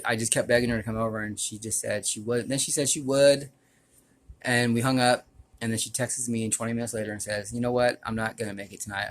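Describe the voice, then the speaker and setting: A man with a mid-range voice tells his audience a personal story. He rambles and restarts often. He sounds earnest and aggrieved. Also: mid-range voice. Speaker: YouTuber.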